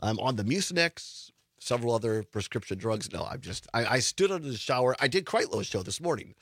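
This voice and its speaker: A man's voice: medium pitch, big pitch swings, brisk, fairly bright tone, no room sound. A middle-aged man with a congested, stuffy voice hosting a radio talk show from a studio, chatting and reading news quotes aloud with emphasis. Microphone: studio broadcast microphone.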